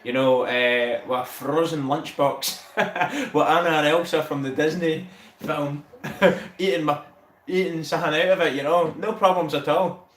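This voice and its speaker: Sweary excitable man streaming. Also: a little high, measured pace, slight background noise. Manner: sweary, excitable, laughs often. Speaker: livestream host. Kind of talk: casual live-stream chat. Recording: roomy echo.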